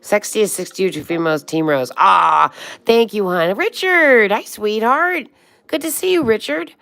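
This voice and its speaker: A livestream host in her sixties reads comments in an unhurried way, her medium-pitched voice creaky, fairly bright, and lively in intonation. Viewers get called honey and sweetheart, with an occasional curse thrown in.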